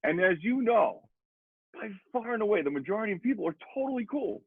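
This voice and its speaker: Man, middle-aged, husky, rambling storyteller, dry tinny phone-like sound. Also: sits high, brisk, dry recording. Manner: animated, rambling, repeats "I said". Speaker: guest drummer and educator. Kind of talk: casual storytelling conversation.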